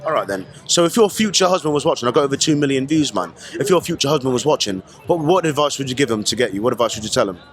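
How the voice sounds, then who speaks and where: A man's voice: mid-range voice, lively intonation, rapid-fire, few pauses. A man from Brooklyn with a put-on London accent, chatty and repeating himself as he interviews people at an outdoor festival. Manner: chatty, repeats phrases, says innit. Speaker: street interviewer. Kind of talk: casual street interview.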